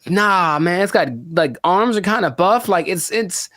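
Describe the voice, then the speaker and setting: A man co-hosting a casual podcast, rambling and animated with frequent laughter. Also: high-pitched, a little slow, no echo, clean studio sound. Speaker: podcast co-host.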